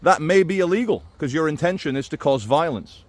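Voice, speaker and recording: A man's voice: on the high side, lively intonation, fairly quick, no room sound. A man giving casual commentary to camera, rambling with many fillers and restarts and slipping in dry, offhand asides. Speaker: vlogger.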